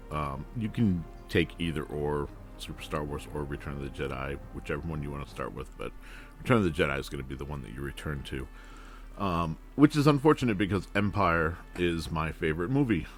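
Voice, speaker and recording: A man co-hosting a casual retro gaming podcast, emphatic and quick to laugh, repeating his points. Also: extremely low pitch. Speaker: podcast co-host.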